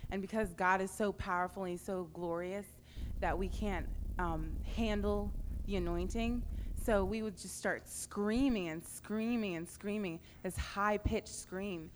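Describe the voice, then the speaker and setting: Brief: young woman sharing testimony with a youth crowd, halting speech, lowish voice, echoey hall with faint noise. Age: young adult. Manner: halting, many fillers and restarts. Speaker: panel speaker. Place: large hall at a youth camp.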